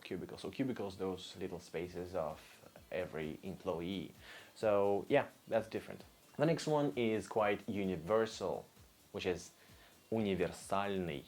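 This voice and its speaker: A man with a Russian accent teaching vocabulary in a casual lesson, patiently repeating each word several times, with a relaxed manner. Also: low voice. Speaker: language teacher.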